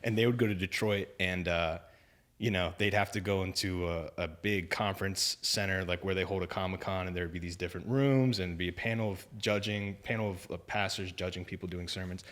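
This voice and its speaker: A young man telling a story on a podcast in casual chat, animated, acting out other people's lines. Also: deep voice, brisk. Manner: animated storyteller, acts out quoted voices, lots of "like" and "man". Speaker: podcast guest.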